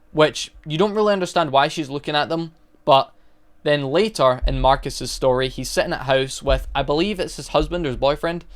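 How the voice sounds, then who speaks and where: A man recapping a horror movie in a casual, rambling way, stopping often to correct himself. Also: mid-range voice. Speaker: movie reviewer.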